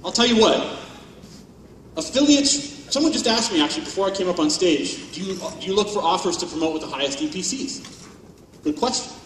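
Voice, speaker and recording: A man's voice: high-pitched, expressive, fairly quick, a bit bright, recorded from a distance, slight background noise. A man giving a comedic, profane keynote talk on stage at a conference, mocking and sarcastic. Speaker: conference speaker. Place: large hall on stage. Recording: echoey hall, speaker off-mic.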